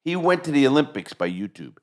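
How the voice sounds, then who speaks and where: A man's voice: mid-range voice, fast talker. An older man hosting a podcast, telling stories in casual chat with a swear here and there. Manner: storytelling, animated, swears casually. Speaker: podcast host.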